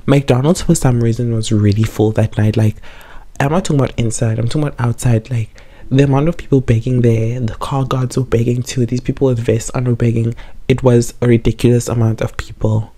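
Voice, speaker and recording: Young man, tipsy, casual storytime vlog, rambling, repetitive, mellow voice. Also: medium pitch, fairly quick. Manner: rambling, repeats himself, animated storytelling. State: tipsy from wine. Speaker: vlogger.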